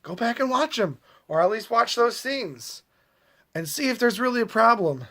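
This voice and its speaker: High-voiced man ranting about a movie. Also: sing-song, normal speed, sharp tone. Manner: chatty, mildly sarcastic, often restarts mid-sentence. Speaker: movie vlogger. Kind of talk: casual movie commentary. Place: at a table at home.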